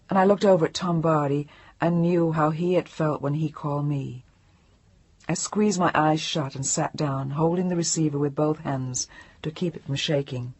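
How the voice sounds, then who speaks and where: A woman's voice: low voice, steady tone, normal speed, a little mellow, husky. A woman narrating a novel in the first person, sounding tense and shaken. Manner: tense, shaken, breaking into whispers. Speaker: audiobook narrator.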